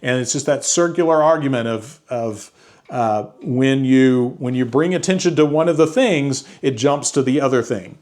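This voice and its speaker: A man casually talking through a book review, halting often with fillers and restarts. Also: medium pitch, darkish tone. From United States.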